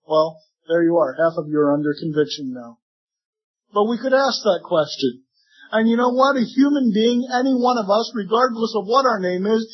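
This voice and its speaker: A man's voice: high-pitched, slightly rough, highs cut off. A man preaching a sermon to a church congregation, earnestly voicing the objections his listeners might raise.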